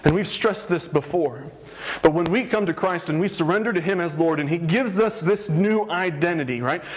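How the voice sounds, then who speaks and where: A man's voice: high-pitched, normal speed. A man preaching a sermon, earnest and emphatic, stressing his points through repetition. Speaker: pastor.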